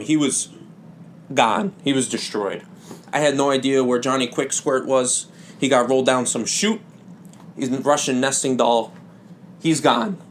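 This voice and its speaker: Young man, comedy podcast host, rambling deadpan storytelling, mid-pitched voice, faint background hiss. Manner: rambling, deadpan, with sudden loud bits. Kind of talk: absurd comic storytelling.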